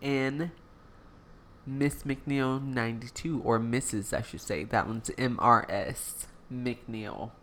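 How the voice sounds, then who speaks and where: A woman co-hosting a casual podcast, playful and quick to laugh. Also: extremely low pitch, a bit bright, a little hiss or hum. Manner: playful, laughs often, drawls words out. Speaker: podcast co-host.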